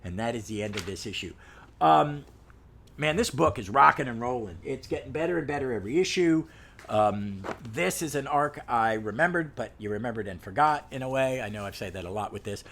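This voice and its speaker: A man's voice: mid-range voice, animated, a little fast, creaky, a bit bright, a little hiss or hum. A man hosting a comic book review podcast, talking with eager enthusiasm and pleading with listeners. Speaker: podcast host.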